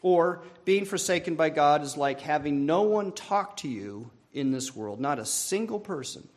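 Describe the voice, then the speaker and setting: A man preaching a sermon from the pulpit. He speaks earnestly and at a measured pace, lifting his voice to stress a point and letting phrases fall away softly at the end. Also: medium pitch. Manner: earnest, measured preaching with rising emphasis and soft trailing ends. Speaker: pastor.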